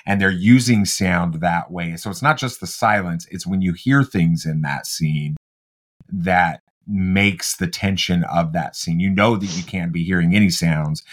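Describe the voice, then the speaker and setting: Deep-voiced middle-aged man telling a story. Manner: storytelling, animated, halting restarts. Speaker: podcast co-host. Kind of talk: casual chat.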